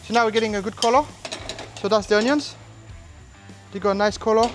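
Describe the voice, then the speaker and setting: A barbecue cook hosting a casual cooking demonstration, explaining each step in a relaxed way and breaking into silly asides and sing-song exclamations. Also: medium pitch, brisk, faint music behind. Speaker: barbecue cook and channel host. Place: outdoors at a large smoker.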